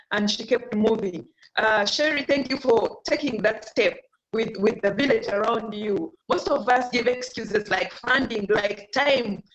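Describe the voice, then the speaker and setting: A woman's voice: a little high, fairly bright tone. Encouraging woman hosting a panel. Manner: encouraging, thanks and introduces speakers. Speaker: event host. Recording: dull lo-fi sound.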